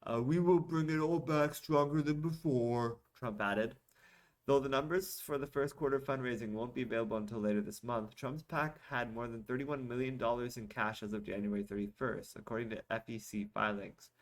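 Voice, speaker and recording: A young man reads news stories aloud in a casual podcast, pausing often for dry, sarcastic remarks. His voice sits at an ordinary middle pitch for a man. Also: fairly even intonation. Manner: sarcastic asides between read-out articles. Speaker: podcast host reading news.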